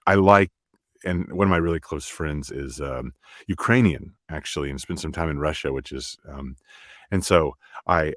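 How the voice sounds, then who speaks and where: A middle-aged man from the American South, an audiobook narrator chatting in an interview in a halting way with many restarts. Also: extremely low pitch, a bit bright, dry recording, studio quality. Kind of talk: casual interview chat.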